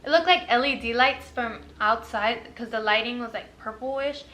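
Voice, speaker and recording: A woman's voice: a little high, moderate pace. A young woman casually retelling a story, full of fillers and quoted dialogue. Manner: filler-heavy, animated retelling.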